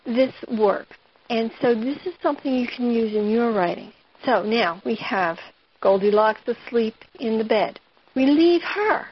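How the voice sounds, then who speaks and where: A woman's voice: a little high, lively intonation, a little slow, muffled recording, a little hiss or hum. A woman teaching a writing lesson, asking her students questions and retelling a fairy tale to show them craft. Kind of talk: lecture on fiction writing.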